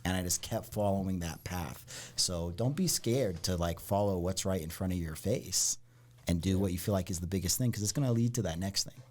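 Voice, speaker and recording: A man from Ohio, a podcast guest, telling stories in a casual, animated way and often saying "like" and "dude". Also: low voice, moderate pace. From Ohio, United States. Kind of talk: casual storytelling.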